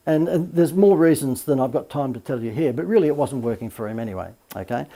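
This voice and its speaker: A man, a marketing coach, giving a recorded course lecture full of lively anecdotes and emphatic asides. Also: fairly high pitch, quick pace, creaky, few pauses.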